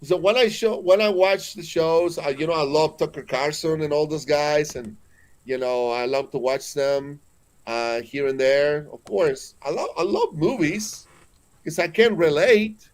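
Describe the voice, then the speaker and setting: Man in his 40s, Mexican accent, slightly high voice, emphatic storytelling, frequent restarts. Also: measured pace. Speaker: guest. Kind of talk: earnest spiritual storytelling.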